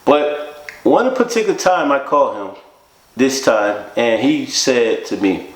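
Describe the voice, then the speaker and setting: A man's voice: mid-range voice, big pitch swings, a little slow, roomy sound. A man telling his life story in a casual interview, often acting out what others said. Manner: casual, acts out quoted voices. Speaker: interview guest. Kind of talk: candid storytelling.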